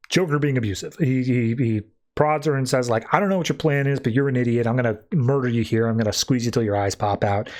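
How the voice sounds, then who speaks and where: A man at an ordinary middle pitch retells a comic book story on a podcast. His talk is casual and full of fillers. Now and then he jumps into short put-on voices for the characters he quotes. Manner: filler-heavy, lots of "like" and "uh". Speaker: podcast co-host.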